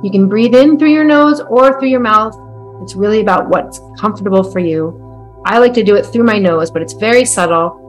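A woman leads a guided breathwork meditation, talking in a calm, soft and unhurried way. Her voice sits at an ordinary middle pitch. Faint music with a singing bowl plays underneath.

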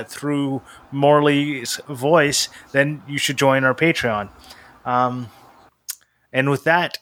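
A man's voice: on the high side, fairly bright tone. A young man co-hosting a podcast, chatting in an upbeat, casual way. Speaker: podcast co-host. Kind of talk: casual chat.

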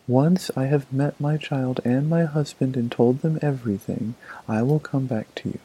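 Gentle begging mother deer, as a man reads her. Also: mid-range voice, moderate pace, husky, voice pushed up, natural voice, low-quality recording. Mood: pleading. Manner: begging softly.

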